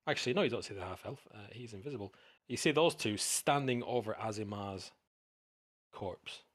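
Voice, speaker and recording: A man's voice: fairly low pitch, no room sound, clean studio sound. A man narrating as game master, describing scenes with frequent ums and restarts. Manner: halting, filler-heavy narration.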